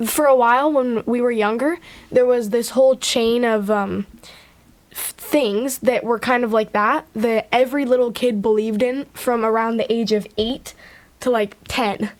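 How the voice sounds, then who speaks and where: A young adult woman with a somewhat higher voice, trading quick, playful comebacks in a casual family chat. She talks in an easy, joking way. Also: fairly even intonation. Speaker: podcast co-host, daughter.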